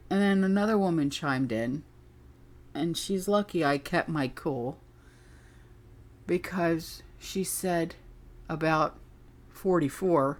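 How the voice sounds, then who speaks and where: A woman's voice: lowish voice, slow, long pauses. A middle-aged woman hosting her own channel, talking in a rambling, indignant monologue that drifts off on tangents. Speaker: channel host. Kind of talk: casual ranting monologue.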